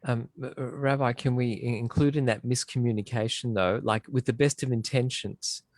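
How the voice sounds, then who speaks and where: Man, class participant, halting delivery, dry close sound, video call. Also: mid-range voice, steady tone, no echo. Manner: hesitant, halting, telling a joke.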